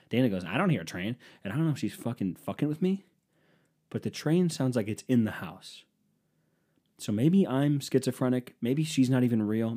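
A man's voice: lowish voice, dark tone. A man telling a comic personal story in a rambling, profane, self-deprecating way. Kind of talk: casual comedic storytelling.

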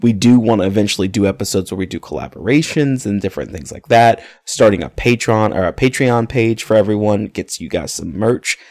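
A man's voice: fairly low pitch, darkish tone, dry recording, clean studio sound. A man co-hosting a film podcast, speaking earnestly to thank listeners in casual chat. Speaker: podcast co-host.

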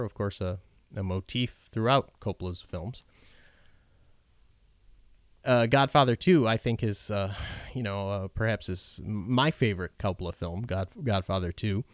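A man talks over a film in an unscripted commentary, stopping and restarting often with plenty of ums. His voice sits a bit low and sounds clean and smooth. The sound is dry, with no room around it. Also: dry recording. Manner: halting, many ums and restarts, admiring.

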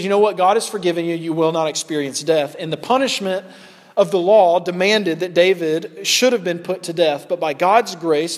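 A man delivers a sermon as pastor, earnest and deliberate, stretching out his key phrases for weight. His voice sits somewhat high for a man. The sound rings with the long reverb of a large hall, as in a church sanctuary.

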